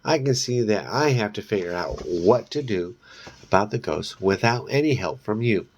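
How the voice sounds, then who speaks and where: A man's voice: fairly low pitch, animated, normal speed, a little hiss or hum. A man reading aloud, voicing a frightened teenage girl who pleads and insists she is telling the truth. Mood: exasperated.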